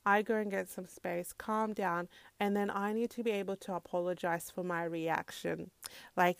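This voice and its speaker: Smooth-voiced earnest woman vlogger, dry sound. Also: fairly low pitch, steady tone, normal speed, no room sound. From Africa. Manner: earnest, confessional, keeps addressing viewers as "guys". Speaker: parenting vlogger. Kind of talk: casual talk to camera.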